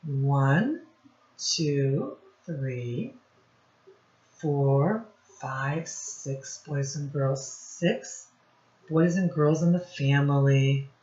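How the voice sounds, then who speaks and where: A woman's voice: deep voice, expressive, extremely slow, darkish tone, roomy sound, lo-fi sound. A woman reading a picture book aloud to young children, acting out the sound words in a sing-song teacherly way, asking questions and praising them. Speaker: storybook reader for children. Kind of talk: read-aloud storytime for young kids.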